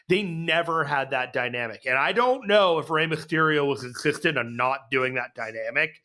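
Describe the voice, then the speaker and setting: A man's voice: on the high side, moderate pace, pushed and bright. A man co-hosting a wrestling podcast, musing and imagining scenes aloud in casual chat. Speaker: podcast co-host.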